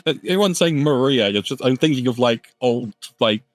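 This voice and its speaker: A man's voice: mid-range voice, animated, fairly quick, no room sound, soft background music. A man playing at a tabletop game live stream, rambling casually between laughs. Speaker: player.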